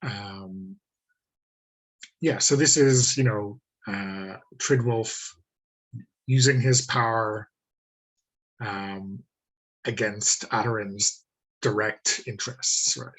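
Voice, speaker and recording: A man runs a tabletop game over a video call, speaking slowly and hesitantly with plenty of ums. His voice is lowish and husky. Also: fairly bright tone, rough recording. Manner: hesitant, many ums, easy laughs. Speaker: game master. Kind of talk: running a tabletop game online.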